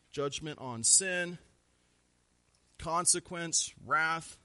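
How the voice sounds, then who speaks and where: A man in his thirties preaching a sermon as pastor, pressing points with repeated words, then dropping low and quiet.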